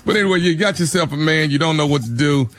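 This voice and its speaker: A man's voice: a little high, fast talker, fairly bright tone. A man co-hosting a show, giving casual, laid-back advice and often repeating himself.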